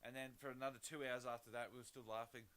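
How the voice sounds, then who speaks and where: A man's voice: medium pitch, little pitch movement, fast talker, a bit bright, rough recording. A man from Western Sydney with an Australian accent, telling crude, rambling stories while livestreaming a game. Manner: profane, rambling, laughing anecdotes. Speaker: gaming livestreamer. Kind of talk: casual storytelling on a livestream.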